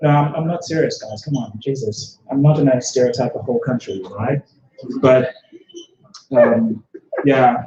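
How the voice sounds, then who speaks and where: A man's voice: mid-range voice, moderate pace, warm tone, a little hiss or hum. A man from South Africa doing a rambling, self-deprecating stand-up set at an open mic, with lots of restarts. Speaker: stand-up comedian. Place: open-mic stage in a bar room. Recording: echoey room, dull lo-fi sound.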